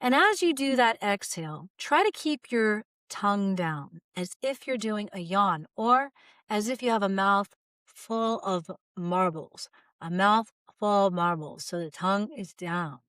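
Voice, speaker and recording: A woman voice coach calmly guiding listeners through relaxation exercises, modeling sighs and open "ah" sounds. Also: medium pitch, measured pace, dry recording, studio quality. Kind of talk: guided vocal exercise instruction.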